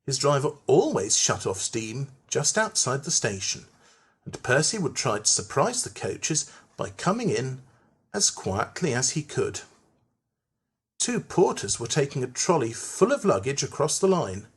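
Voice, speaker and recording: A narrator reading a children's train story aloud in an expressive storytelling manner. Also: mid-range voice, husky. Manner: slow, lively storytelling.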